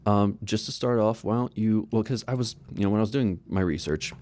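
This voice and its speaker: Deep-voiced male podcast host. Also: fairly quick. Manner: relaxed, rambling questions. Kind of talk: casual interview.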